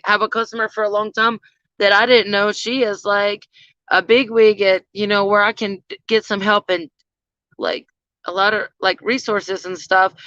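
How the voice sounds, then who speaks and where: Bright-voiced chatty woman vlogger. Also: mid-range voice, smooth, no echo. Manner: chatty, gushing, lots of fillers. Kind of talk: casual chat to viewers. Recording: slightly dull lo-fi sound.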